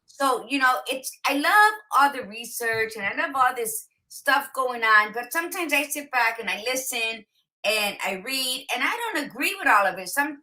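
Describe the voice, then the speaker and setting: A woman co-hosting a podcast speaks in a notably bright, slightly high voice. She is blunt and profane, and her talk moves along in casual, no-nonsense chat. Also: poor audio. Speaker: podcast co-host.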